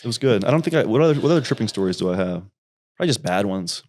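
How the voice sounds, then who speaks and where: A young man, a YouTuber and podcast guest, telling rambling, animated stories in casual talk and swearing freely. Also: fairly low pitch, racing. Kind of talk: casual storytelling.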